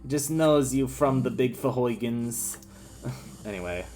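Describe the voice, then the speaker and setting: A man doing a whiny, loud impression of an old-time slapstick comedian. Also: mid-range voice, expressive, measured pace, pitched above the performer's own voice, natural voice. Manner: loud, whiny, stretched-out comic delivery. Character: whiny nasal slapstick comic, male, frantic. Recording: game music playing behind.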